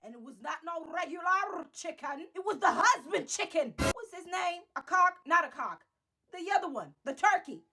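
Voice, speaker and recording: A woman's voice: very high voice, expressive, normal speed, very noisy. A woman telling a comic personal story, swearing freely and acting out her own panic with dramatic flair.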